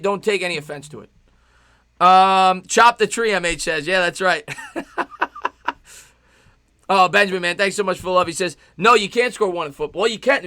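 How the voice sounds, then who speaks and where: Host type: fired-up New guy, high, piercing voice, dry close mic, live play-by-play. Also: no room sound. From New York. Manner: loud, passionate, fast-talking. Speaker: livestream sports host. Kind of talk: live play-by-play and chat reaction.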